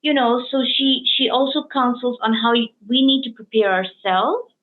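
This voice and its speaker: Slightly high-pitched and speaking at normal speed, this woman is the host of a casual interview and lives in Hong Kong. She rambles through emotional stories packed with fillers, and the recording has a tinny, phone-like quality.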